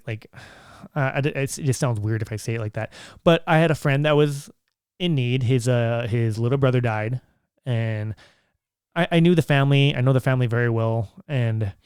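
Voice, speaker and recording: A man's voice: mid-range voice, darkish tone, clear, resonant tone, no echo, studio quality. A man, a single father, telling a personal story to the camera in an earnest, reflective way that halts and restarts as he goes.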